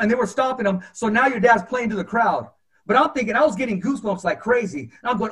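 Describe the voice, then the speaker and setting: Male podcast host, high voice, animated anecdote style. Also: fairly quick. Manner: animated, acts out quotes. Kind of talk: storytelling in casual interview.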